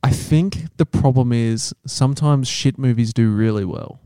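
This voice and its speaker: A man's voice: mid-range voice, moderate pace, dark tone, clear, resonant tone, dry recording. A young man co-hosting a podcast, throwing in dry, teasing quips. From Australia. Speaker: podcast co-host. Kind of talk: casual chat.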